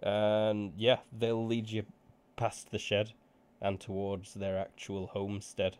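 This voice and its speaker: A man's voice: fairly low pitch, completely flat delivery, slow, few pauses, darkish tone, smooth. A man narrating as game master of a tabletop game, joking and rambling with self-corrections.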